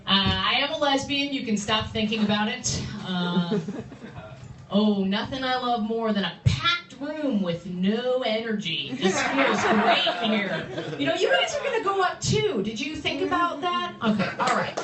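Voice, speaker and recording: A young woman doing a stand-up set, dry and self-deprecating, with quick asides to the audience. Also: fairly high pitch, sing-song, background noise. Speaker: stand-up comedian. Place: small bar comedy room. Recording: roomy, from far off the mic. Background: audience laughter.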